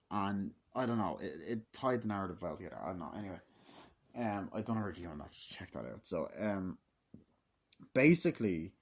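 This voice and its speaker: A man giving a casual, rambling movie review, swearing often and filling his talk with "like" and "okay". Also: on the low side. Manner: profane, restless, full of "like" and "okay".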